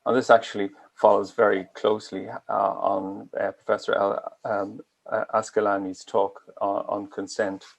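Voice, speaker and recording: A man with an Irish accent giving an online medical lecture over a video call, speaking deliberately slowly and carefully. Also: on the low side, flat delivery, gravelly. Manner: deliberately slow and careful delivery. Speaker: guest lecturer.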